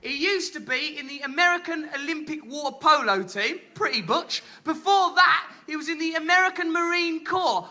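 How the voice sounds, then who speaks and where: A man's voice: extremely high pitch, lively intonation, moderate pace, hardly any pauses, bright, forceful tone. A man with an English accent performing a theatrical, flamboyant stand-up comedy routine on stage. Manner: theatrical, flamboyant, mock-grandiose. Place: comedy stage before a live audience.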